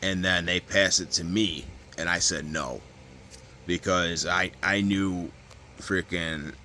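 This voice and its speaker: A man's voice: low voice, fairly even intonation, slow, sharp tone, slight background noise. A man telling a story from prison in a casual, rambling way, full of fillers, restarts and swearing. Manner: rambling, heavy fillers and profanity, frequent restarts. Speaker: vlogger recounting prison stories.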